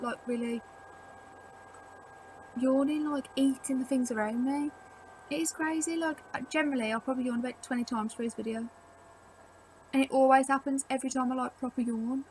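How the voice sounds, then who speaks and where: In this low-quality recording with slight background noise, a young woman with a high-sitting voice chats to camera at home. The vlogger rambles through her tips, saying "like" over and over.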